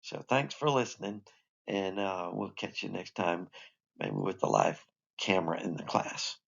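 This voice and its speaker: Low-voiced man teaching a Bible lesson. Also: lively intonation, unhurried, vocal fry, highs cut off. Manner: conversational, explanatory, with restarts and asides. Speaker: Sunday school teacher.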